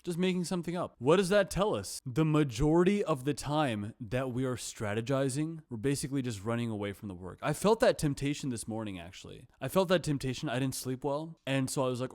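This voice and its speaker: A man talks through his thoughts in a relaxed vlog monologue. His voice sits at a middle pitch. He circles back to the same points and pokes fun at himself. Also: quick pace, hardly any pauses. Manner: reflective, self-deprecating, repeats himself. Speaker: vlogger. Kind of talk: casual reflective monologue.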